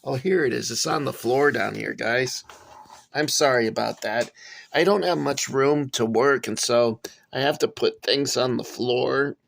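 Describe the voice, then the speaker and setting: Casual male hobby reviewer, gravelly voice, middle pitch, rambling and chatty. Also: measured pace. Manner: rambling, talks to viewers as guys, frequent fillers. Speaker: toy reviewer. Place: cramped home workspace.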